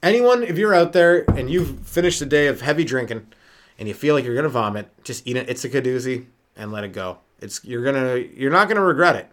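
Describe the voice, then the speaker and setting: Rambling, animated male comedian. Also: mid-range voice, a little fast. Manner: rambling, riffing, lots of fillers and sudden voice jumps. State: sleep-deprived. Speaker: stand-up comedian and podcast host. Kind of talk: solo comedy podcast rant.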